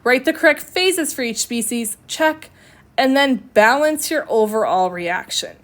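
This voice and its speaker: A woman with a slightly high voice gives a recorded chemistry lecture. She explains each step in a conversational tone and often corrects herself as she goes. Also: lively intonation, normal speed. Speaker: chemistry instructor.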